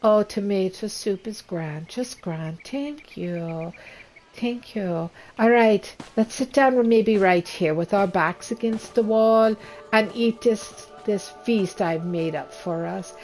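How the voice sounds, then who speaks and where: Casting: a woman as an unhurried, homey elf hostess in a game role-play. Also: medium pitch, darkish tone, soft background music, natural voice, low-quality recording. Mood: cozy. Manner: chatty, listing food offhandedly. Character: female wood elf, homey and hospitable cook. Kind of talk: tabletop-style online game role-play.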